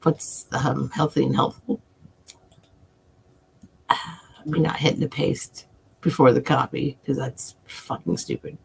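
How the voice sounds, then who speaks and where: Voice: mid-range voice, steady tone, slow, creaky, long pauses, husky. An adult livestream host and self-described coin nerd, chatting casually with viewers in a rambling way, swearing often and chuckling.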